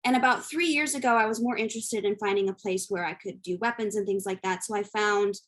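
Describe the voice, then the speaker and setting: A woman's voice: medium pitch, fast talker, a bit bright. A young woman, an actor from the United States, talking as a guest in an interview, poised and well-spoken. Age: young adult. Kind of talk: casual interview chat.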